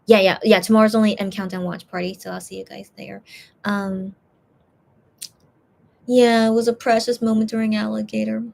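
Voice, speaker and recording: A woman's voice: medium pitch, flat delivery, normal speed, gravelly, long pauses, darkish tone. A tired woman hosting a casual livestream, chatting in a rambling way and reading fan comments aloud. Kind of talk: casual chat.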